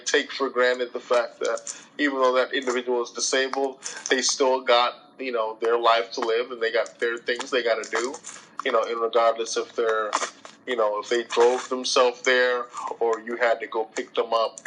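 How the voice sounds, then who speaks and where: Brief: male host, casual storyteller, bright tone, mid pitch, lively and exasperated. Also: slight background noise, low-quality recording. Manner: animated, colloquial, exasperated retelling.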